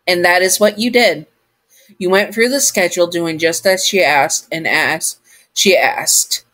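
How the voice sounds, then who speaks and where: A woman's voice: fairly low pitch, unhurried, fairly bright tone. A woman narrating a second-person fan fiction story in a rambling way, correcting herself as she goes.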